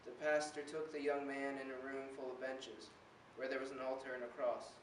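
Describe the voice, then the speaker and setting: A man's voice: mid-range voice, flat delivery, moderate pace. A teenage boy performing a spoken word poem with an earnest, rhythmic delivery. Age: teens. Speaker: slam poet. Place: indoor performance room. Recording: roomy, distant mic with faint hiss.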